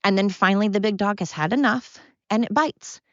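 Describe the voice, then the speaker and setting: A woman with a mid-range voice talks fairly quickly, with no room sound. She hosts a solo podcast while walking around outdoors, giving a casual opinion rant that's blunt, profane, heated, and repetitive. The recording is dull, lo-fi, and dry.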